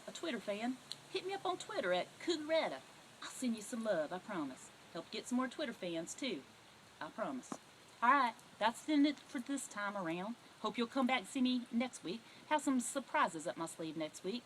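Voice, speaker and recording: A middle-aged woman with a Southern US accent, hosting a comedic talk show monologue in a folksy, animated storytelling manner. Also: a little high, normal speed, a little hiss or hum, rough recording. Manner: folksy, animated storytelling with sudden loud outbursts.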